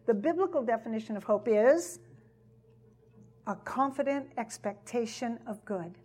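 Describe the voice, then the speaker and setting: A woman's voice: fairly high pitch, animated, measured pace, darkish tone, breathy edge. A woman teaching a sermon to a gathered audience, emphatic and repeating her key phrases. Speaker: Bible teacher.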